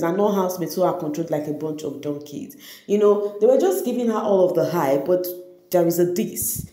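A woman vlogger chats straight to her viewers in a casual, gossipy way, laughing now and then. Her voice is mellow and warm. The room around her sounds echoey. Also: on the low side. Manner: chatty, laughs often, addresses viewers directly. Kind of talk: casual reality-show gossip commentary.

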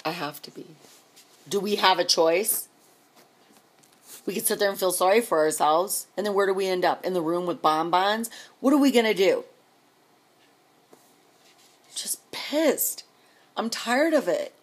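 A woman's voice: mid-range voice, lively intonation, normal speed, breathy edge. A middle-aged woman venting to camera in a rambling, exasperated, sarcastic rant. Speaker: vlogger.

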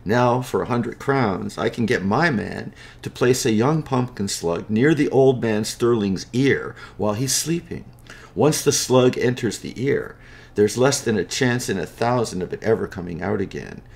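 A man's voice: mid-range voice, animated, moderate pace, vocal fry. A man voicing a sly, scheming male slug seller who talks in an oily, wheedling, folksy way in a spoken storybook.

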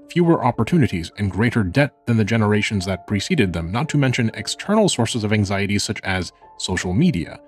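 A young man with a slight vocal fry, narrating a scripted video essay in a measured, earnest, reflective way. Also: lowish voice, a little mellow.

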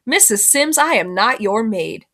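A woman's voice: on the high side, very animated, unhurried, a bit bright, full character voice. A woman voicing a proud, prim city mother who talks down to others. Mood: haughty. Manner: haughty, condescending.

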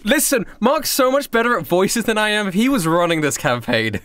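A man's voice: sits high, lively intonation, a little fast, very noisy. A man running a tabletop game as game master, easygoing and laughing often.

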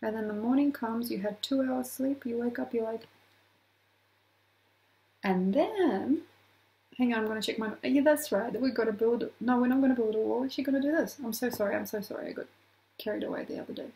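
Gravelly, mellow-voiced woman astrologer. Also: a little high, a little fast, pauses often, low-quality recording. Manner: animated, acts out quoted voices, laughs often. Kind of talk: casual astrology talk to camera.

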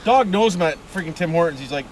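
High-voiced ontario guy rambling while he drives, mic off a ways, wind noise all over it. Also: lively intonation, fast talker. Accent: Ontario Canadian. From Ontario, Canada. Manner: rambling, tags lines with "it is", "boys", "friggin' right". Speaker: vlogger. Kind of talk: casual driving vlog. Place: inside a van, driving with a window open. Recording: windy, from a distance in a car.

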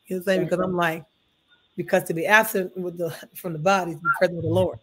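A woman's voice: lowish voice, fairly even intonation, fast talker, fairly bright tone. Emphatic woman pastor preaching. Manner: preachy, emphatic, folksy, calls listeners honey. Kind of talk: preaching Bible study chat.

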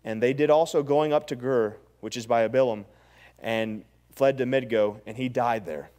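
A man pastor preaching a sermon, retelling scripture in animated, slangy storytelling with stammering restarts. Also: medium pitch, moderate pace.

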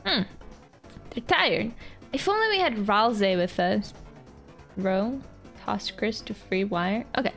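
A woman's voice: mid-range voice, animated, slow, vocal fry, pauses often, a bit bright. A young woman streamer giving playful, casual commentary on a game and chatting with her viewers. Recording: faint game music behind.

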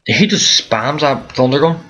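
A man's voice: medium pitch, lively intonation, measured pace, sharp tone. A tired young man giving rambling casual commentary over a zombie game, often restarting his sentences. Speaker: gaming commentator. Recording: dull lo-fi mic with faint hiss.

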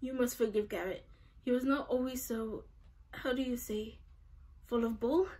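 A woman's voice: a little high, fairly even intonation, moderate pace, mellow, husky. A woman voicing an earnest, overly formal young man cursed into a bull, in her own voice. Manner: stiff, overly formal phrasing.

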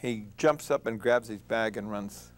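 A man's voice: on the low side, unhurried, a little hiss or hum. An older man recounting wartime memories in an interview, in a plain storytelling manner. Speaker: war veteran interviewee.

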